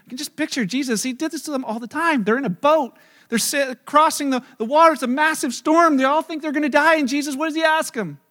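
A middle-aged male pastor preaching a sermon, telling the story with lively acted-out scenes and chuckling as he talks. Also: very high voice, fast. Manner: chuckles while talking.

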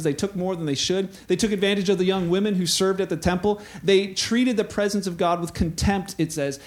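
Middle-aged male pastor, high-pitched, animated storyteller in a sermon. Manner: animated storytelling, acting out quoted voices.

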